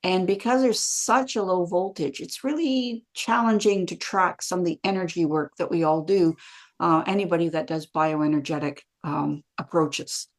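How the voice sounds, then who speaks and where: A woman's voice: lowish voice, moderate pace. A middle-aged woman, a podcast guest, telling stories and explaining ideas in casual conversation, acting out quoted dialogue. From Canada. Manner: lively, acts out quoted dialogue. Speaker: podcast guest, bioenergetics practitioner. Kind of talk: casual interview storytelling.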